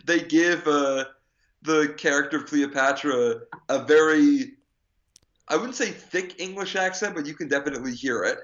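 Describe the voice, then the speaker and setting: A man's voice: fairly high pitch, moderate pace, fairly bright tone, muffled recording. A man co-hosting a casual chat, rambling with many fillers and restarts, and laughing easily.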